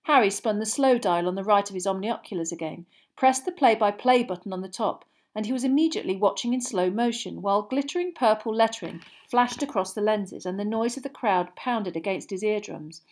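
A woman narrates a storybook in a steady reading voice. Her pitch sits in the middle range. She keeps the delivery clear and even. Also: brisk, hardly any pauses. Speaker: audiobook reader.

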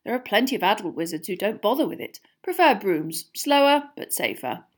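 A woman's voice: medium pitch, sing-song, brisk. Woman reading as a chatty wizard dad. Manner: chatty, matter-of-fact. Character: fussy kindly middle-aged wizard father.

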